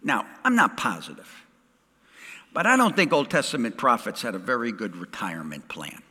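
A middle-aged male pastor preaching a sermon, swinging dramatically from loud to hushed. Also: mid-range voice, sing-song, normal speed, slightly rough, in a large hall.

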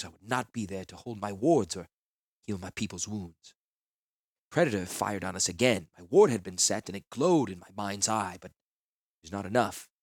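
A man narrating a first-person fantasy novel in a measured, earnest way. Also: on the low side, slightly rough, no room sound, studio quality. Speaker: audiobook narrator.

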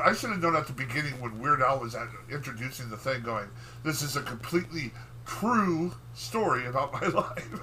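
A man's voice: medium pitch, expressive, moderate pace, noisy background. A man co-hosting a podcast, rambling through a profane, filler-heavy recap in casual chat. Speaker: podcast co-host.

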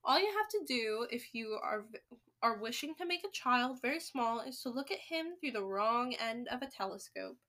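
A woman voicing a scheming grand high witch who dictates a recipe in a brisk, instructive way. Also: expressive, fairly bright tone. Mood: commanding.

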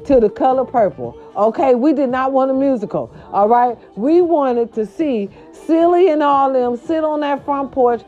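A woman's voice: sits high, normal speed, hardly any pauses, warm tone. A woman hosting her own show, chatting casually and sassily about celebrity gossip with slangy asides. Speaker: host. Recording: dull lo-fi sound with faint music.

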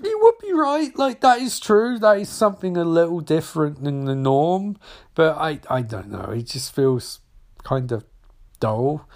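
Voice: mid-range voice, animated, a little slow, darkish tone. Casual, profane watch-along commentator, voice bouncing up and down a lot, filler-heavy rambling. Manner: rambling, profane, frequent fillers and laughing reactions.

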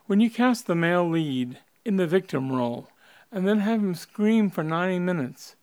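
An interviewer asking measured, probing questions for a documentary. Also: mid-range voice, lively intonation, a little mellow, clear, resonant tone.

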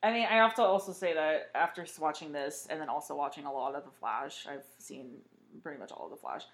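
A woman's voice: low voice, quick pace. A young woman co-hosting a podcast in casual chat, candid and joking with frequent laughs. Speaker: podcast co-host.

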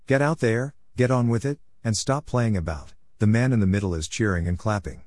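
A man's voice: fairly low pitch, a little fast, darkish tone, dry recording, clean studio sound, lightly acted. A man voicing a cocky, jealous rival actor who talks in a bossy, eager way.

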